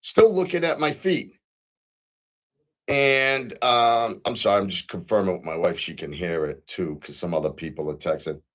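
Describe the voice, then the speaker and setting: A man's voice: low voice, normal speed, a bit bright. A middle-aged man hosting his own show, telling a story in a casual, earnest way with frequent ums and restarts. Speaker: podcast host.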